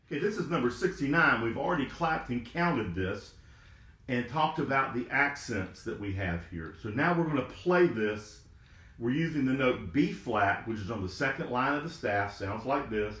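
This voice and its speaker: A man's voice: medium pitch, lively intonation, moderate pace, fairly bright tone, roomy sound. A man giving a trombone lesson, patiently explaining and counting beats and naming notes aloud. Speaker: trombone teacher. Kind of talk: step-by-step music lesson.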